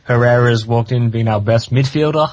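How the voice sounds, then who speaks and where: A man, a guest on a casual football podcast, giving loose, halting answers with many fillers. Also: medium pitch, darkish tone, dry recording, rough recording.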